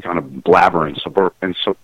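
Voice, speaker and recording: A middle-aged man, a musician, talking in a casual interview, halting and full of restarts and fillers. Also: low voice, dry recording, narrow, tinny audio. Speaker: musician guest.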